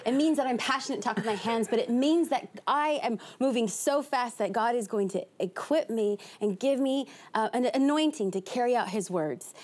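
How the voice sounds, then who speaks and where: A young woman from East Los Angeles, a guest on a TV talk show, talking fast and with animation about her life. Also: on the high side, a little mellow. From East Los Angeles, USA.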